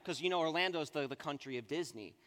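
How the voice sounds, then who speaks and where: A man in his thirties delivering a sermon with a fairly high voice. He tells his stories in a lively, conversational way. His voice rings with a long reverb from the church hall. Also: quick pace. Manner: animated conversational storytelling. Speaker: pastor. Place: church sanctuary.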